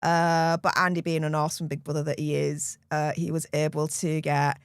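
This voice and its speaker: A woman's voice: deep voice, flat delivery, moderate pace, smooth, no echo, clean studio sound. A woman with a Yorkshire accent chatting casually to her viewers, blunt and laughing often. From Yorkshire, England. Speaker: YouTube commentary host. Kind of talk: casual chat to camera.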